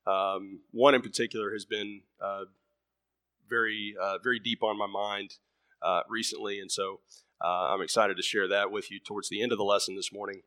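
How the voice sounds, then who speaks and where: A man's voice: lowish voice, little pitch movement, moderate pace, bright, forceful tone, dry recording, studio quality. A man preaching a sermon in a conversational way, full of ums and uhs, who tells a story and lightly acts out its voices.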